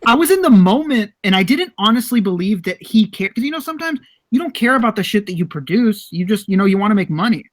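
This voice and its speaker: A man's voice: high-pitched, sing-song, quick pace, hardly any pauses. A young man co-hosting a casual podcast, telling rambling stories and swearing freely. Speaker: podcast co-host.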